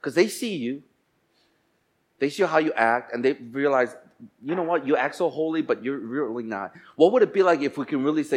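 A male pastor preaching a sermon in church. He swings between hushed, slow lines and loud outbursts, and acts out quoted voices. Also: mid-range voice, lively intonation.

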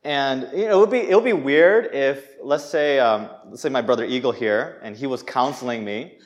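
Man preaching a lively conversational sermon. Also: mid-range voice, moderate pace. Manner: animated, conversational preaching with acted-out reactions. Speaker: pastor.

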